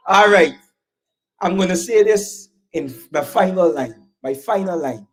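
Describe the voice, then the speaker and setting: A man's voice: sits high, animated, measured pace, slightly rough. A man with a Guyanese accent giving a fiery campaign speech, repeating lines and calling out to the crowd for answers. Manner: emphatic, repeats lines, call-and-response with crowd. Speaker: political rally speaker.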